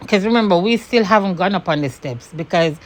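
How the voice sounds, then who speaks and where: Brief: Jamaican woman, low-pitched, vlog storytime, fired up, swears, falls into patois. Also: brisk. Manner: animated, swearing, slips into patois when angry. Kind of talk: storytime monologue to camera.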